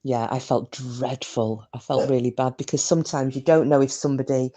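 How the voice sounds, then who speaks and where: A woman's voice: a bass voice, steady tone, brisk, mellow. A woman hosting a live stream, rambling in casual chat with plenty of fillers and breaking off to greet viewers by name. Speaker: livestream host.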